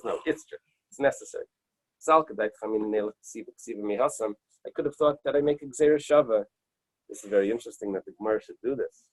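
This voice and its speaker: A man leading a Talmud study class, reading Aramaic passages and explaining them in English with halting restarts. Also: fairly low pitch, a little mellow, slightly rough, dry recording, low-quality recording.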